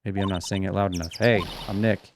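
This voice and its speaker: A man's voice: sits low, steady tone, a little fast. A man voicing an earnest, slightly awkward young lawyer, reading a game aloud. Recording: game music behind the voice.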